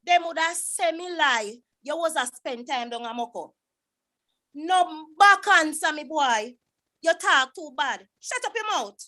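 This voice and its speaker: A woman reciting a dialect poem as a proud, exasperated Jamaican mother scolding her son, in a sharp, reproachful voice. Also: high-pitched, voice pushed up, exaggerated voice. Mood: mocking.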